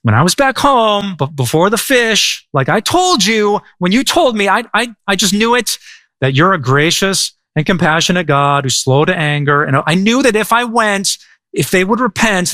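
A preacher putting on an exasperated Jonah. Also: male voice, high voice, lively intonation, moderate pace, bright, forceful tone, dry recording, pitched above the performer's own voice. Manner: whiny, sputtering, exasperated. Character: furious, fed-up ancient male prophet.

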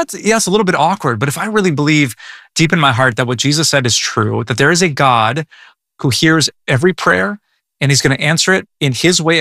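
A man's voice: on the high side, bright, forceful tone, no room sound, studio quality. A male pastor giving a conversational sermon in an earnest way, often repeating words as he goes.

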